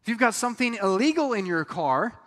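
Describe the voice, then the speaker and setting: A brisk, high-sitting male voice with big pitch swings belongs to a pastor talking conversationally to his congregation. He punctuates the sermon with acted-out quotes, heard in a reverberant hall.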